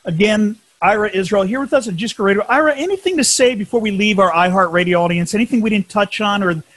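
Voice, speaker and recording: A man's voice: high-pitched, fast talker, a bit bright. A man hosting a radio interview, asking questions and thanking his guest in an upbeat way. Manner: upbeat and appreciative. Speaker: radio show host.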